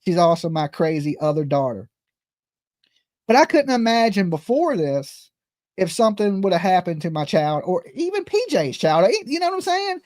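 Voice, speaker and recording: A man's voice: high-pitched, big pitch swings, normal speed, darkish tone, no room sound, studio quality. A man hosting a true-crime livestream, talking in a casual, rambling and earnest way and often repeating himself.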